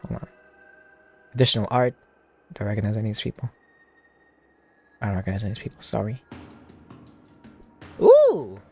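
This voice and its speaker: A man talks his way through a creepy game in a loose, rambling flow full of restarts. His pitch swings widely, and soft music hums faintly behind him. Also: gravelly. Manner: rambling, self-talking, lots of fillers and restarts. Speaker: streamer playing a horror demo disc. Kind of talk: casual let's-play commentary.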